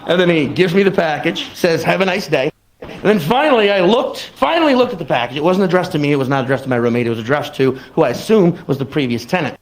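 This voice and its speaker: A young man performing a stand-up comedy routine on a club stage, telling the story with animated, acted-out exclamations. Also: on the high side, fast, low-quality recording. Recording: live audience laughter. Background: crowd laughing.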